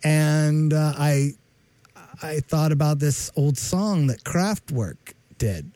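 A man co-hosting a casual chat show, slightly high in pitch with a mellow, dark tone. He jokes and rambles, sometimes breaking into silly humming. The sound is dry and close. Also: animated, takes it slowly, no echo. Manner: jokey, rambling, breaks into humming and mock-singing. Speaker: podcast co-host.

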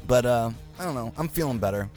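A male podcast host with a raspy, sick voice from the flu, rambling through self-mocking stories in casual chat. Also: mid-range voice, expressive, fast, a little mellow, faint music behind.

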